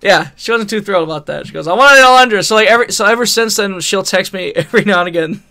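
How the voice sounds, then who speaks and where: A man's voice: sits high, fast talker, creaky, sharp tone. A man co-hosting a podcast, telling a rambling story in casual chat, laughing often and swearing freely. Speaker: podcast co-host.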